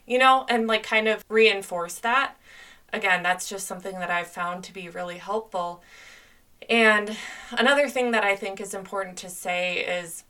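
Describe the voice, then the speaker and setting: A woman's voice: medium pitch, steady tone, normal speed, bright, forceful tone, recorded from a distance. A young woman hosting a podcast, talking through relationship advice in an earnest, conversational way with lots of "like"s. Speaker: podcast host. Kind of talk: solo podcast advice talk.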